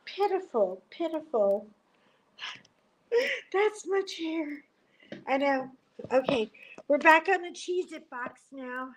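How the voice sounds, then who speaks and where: A middle-aged woman chatting casually on a livestream from a hotel room, animated, joking and gasping as she talks into a tablet. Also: high voice, slow pace, long pauses, rough recording. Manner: chatty and animated, jokes and gasps. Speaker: livestream host. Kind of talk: casual live chat. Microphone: tablet camera.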